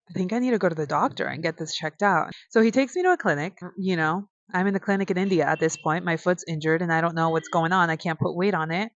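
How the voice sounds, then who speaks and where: Woman vlogger from the us doing storytime, kinda low voice, slangy, curses a bit, dull lo-fi audio. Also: no room sound. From United States. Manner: slangy, swears casually, animated retelling. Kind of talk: casual storytime.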